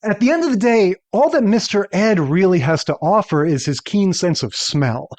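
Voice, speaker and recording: A man co-hosting a podcast in casual chat, rambling and often checking in with a quick "right?". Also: high voice, expressive, darkish tone. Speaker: podcast co-host.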